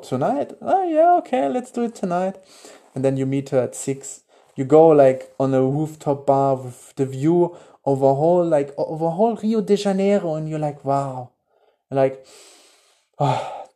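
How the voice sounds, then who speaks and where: A man with a German accent hosting a motivational podcast, enthusiastic and casual with his swearing, often dropping to a hushed voice as he walks through a guided visualization. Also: fairly high pitch. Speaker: podcast host.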